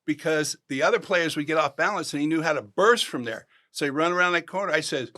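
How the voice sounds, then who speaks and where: A man in his sixties, a former football player, telling animated stories in a podcast interview and acting out the voices of people he quotes. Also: a little high, quick pace. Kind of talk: storytelling interview.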